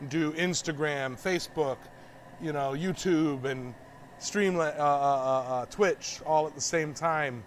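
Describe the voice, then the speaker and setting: A man's voice: a little high, a little hiss or hum. A blacksmith streaming live, chatting casually as he works, rambling and easygoing with frequent chuckles. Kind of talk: casual live-stream chat while working. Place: metal forge workshop.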